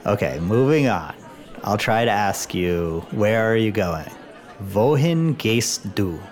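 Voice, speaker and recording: A man learning German in a casual lesson, curious and playful, trying out phrases haltingly. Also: lowish voice, lively intonation. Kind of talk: casual language lesson chat.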